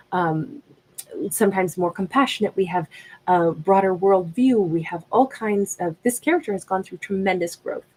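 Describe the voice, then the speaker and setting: A woman giving a gentle, reflective tarot reading in a conversational way. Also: on the low side, poor audio. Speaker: tarot reader.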